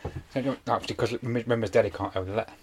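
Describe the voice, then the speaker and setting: A man's voice: on the low side, steady tone, very fast, a little hiss or hum. A man, casually retelling a TV episode on a podcast, rambling with many fillers. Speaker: podcast co-host. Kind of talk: casual chat.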